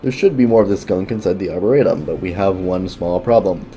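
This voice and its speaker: A man's voice: low voice, fairly quick, dark tone, lightly acted. A man reading a chatty villager's game dialogue aloud in a plain voice, with small stumbles.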